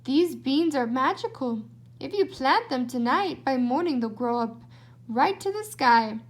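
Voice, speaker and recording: A sly, funny little old man from a fairytale, coaxing and persuasive, read by a woman. His voice stays high and bright. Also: lively intonation, measured pace.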